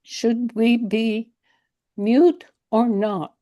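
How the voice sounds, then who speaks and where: Slow, mellow woman asking polite questions. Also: a little high, steady tone, no echo, clean studio sound. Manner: polite, asks for repeats and clarifications. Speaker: class participant. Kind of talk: asking questions on a video call. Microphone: video call.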